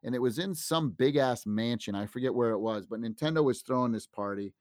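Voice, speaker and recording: A man in his fifties, a sound designer being interviewed, telling animated stories and acting out what others said. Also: medium pitch, brisk, no room sound, studio quality. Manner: animated anecdotes, acts out quoted dialogue. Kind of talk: casual interview storytelling.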